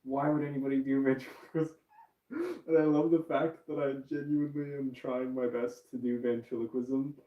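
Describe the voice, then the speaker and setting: A man's voice: mid-range voice, little pitch movement, normal speed, dull audio. A man chatting casually to his stream viewers, rambling with many fillers and laughing at himself. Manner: rambling, frequent fillers, self-mocking laughs. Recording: roomy echo, distant from mic.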